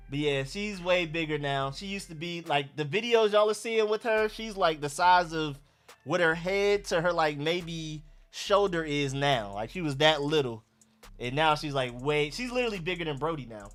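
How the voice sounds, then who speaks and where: A man's voice: fairly high pitch, moderate pace, a bit bright, clear, resonant tone, faint music behind. A young man with an Atlanta accent, hosting a casual live stream and reacting to chat and talking to his dog. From Georgia.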